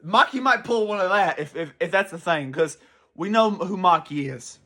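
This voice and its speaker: Young man, casual rambling commentary, swears a lot, raised pitch, sharp tone. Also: normal speed. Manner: excitable, rambling, swears freely, repeats himself. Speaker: anime commentary channel host.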